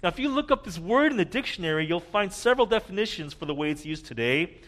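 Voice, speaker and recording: A man preaching a sermon, earnest, rising to loud emphasis and dropping to a near hush at key points. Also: high-pitched, very animated, quick pace. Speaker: pastor.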